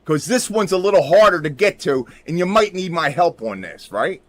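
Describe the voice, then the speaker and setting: A man's voice: high-pitched, expressive, normal speed, no room sound. A man hosting a livestream, talking in a rambling, emphatic way and asking "right?" again and again while looking things up at his computer. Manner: repeats "right?" constantly, emphatic, drifts into mutters. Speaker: livestream host.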